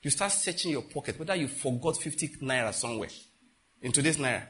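Animated Nigerian man preaching a sermon. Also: medium pitch, fast. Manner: animated storytelling, acts out dialogue with sudden loud outbursts. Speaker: pastor.

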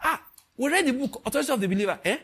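Animated Nigerian preacher, high and lively. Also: male voice, racing, breathy edge. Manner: animated, laughing, swings from quiet to loud. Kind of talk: sermon.

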